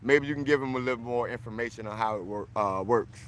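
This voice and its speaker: A man's voice: mid-range voice, fast. A man from Florida hosting a casual livestream, boisterous and friendly, greeting viewers by name as he answers their comments.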